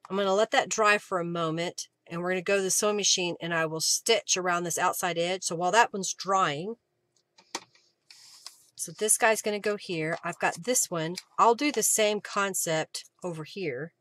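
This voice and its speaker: A woman's voice: fairly low pitch, moderate pace, a bit bright, dry recording. A woman hosting a casual craft live stream from her home craft room, chatting and thinking aloud as she works.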